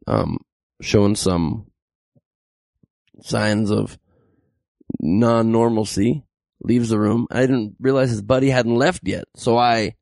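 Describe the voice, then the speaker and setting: Male comedian recounting a story; gravelly, lively, dry studio sound. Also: medium pitch, dry recording. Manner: animated, acts out quoted voices. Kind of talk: casual storytelling.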